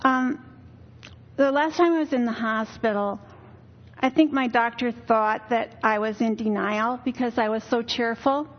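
A woman's voice: a little high, steady tone, a little slow, lo-fi sound. An older woman giving a weary, earnest personal testimony in church, telling her story candidly. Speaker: church speaker.

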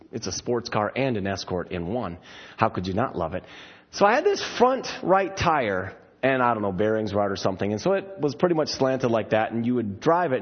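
Man preaching, lively delivery, dull lo-fi sound. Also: fairly low pitch, husky. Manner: storytelling, playful asides. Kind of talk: sermon.

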